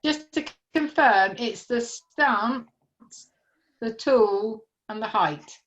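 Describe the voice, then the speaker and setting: A polite woman student speaks slowly and carefully, addressing her instructor with respect. Her voice is a little high and sounds dull and far from the microphone. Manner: polite, answers with "sir".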